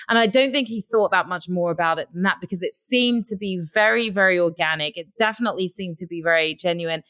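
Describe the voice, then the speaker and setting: A woman's voice: mid-range voice, lively intonation, quick pace, few pauses, a bit bright, no room sound. English woman with a dry close sound. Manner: reads gossip items aloud, then gives blunt opinions. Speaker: host. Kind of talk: casual celebrity news chat.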